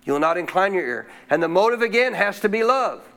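A man with a high voice preaches a sermon to his church. He keeps calling out questions to the people in the pews, checking that they are still listening. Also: animated, fast talker, fairly bright tone. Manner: calls out questions to the congregation. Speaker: pastor.

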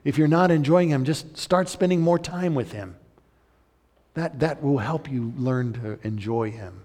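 A man delivers a sermon from the pulpit in a middle-pitched voice. He rises to loud, urgent emphasis and then drops to soft, intimate appeals. His voice rings with the long reverb of a large hall. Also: unhurried. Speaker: pastor.

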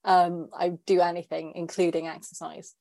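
A woman in her thirties talks as a podcast guest, candid and chatty, with plenty of fillers. Her voice sits low. The sound is close and dry, with no room around it. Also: flat delivery, moderate pace, creaky, dark tone, dry recording. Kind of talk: casual interview chat.

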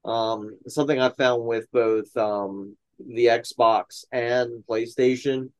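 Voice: mid-range voice, fairly even intonation, takes it slowly, a little mellow, low-quality recording. A podcast co-host chatting casually over a video call, rambling with lots of fillers. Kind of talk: casual chat.

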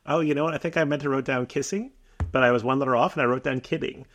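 A podcast co-host casually recapping a TV episode, talking in an animated way and laughing readily. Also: medium pitch, quick pace.

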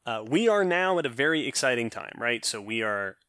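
Bright-voiced man explaining science. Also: medium pitch, very animated, brisk, dry recording, studio quality. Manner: explanatory, thinks aloud with restarts. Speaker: podcast co-host. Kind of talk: casual science podcast chat.

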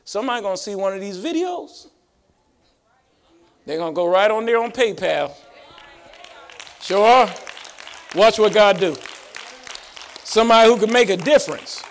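Man, lively pastor preaching, high-pitched, rising emphasis for the congregation. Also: moderate pace, long pauses, a faint crowd. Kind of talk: sermon. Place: church sanctuary.

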